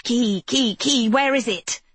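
A desperate deposed queen, panting and pleading in a low, hushed voice, as a woman reading a story puts her on. Her tone is husky and breathy, and her words come slowly. The recording is dry and close. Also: no echo. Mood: frantic.

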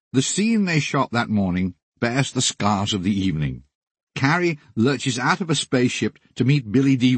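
Brief: husky older man, dry close recording, lively wry memoir delivery. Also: mid-range voice, no room sound. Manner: wry, deadpan comic storytelling. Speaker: memoir narrator. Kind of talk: audiobook memoir narration.

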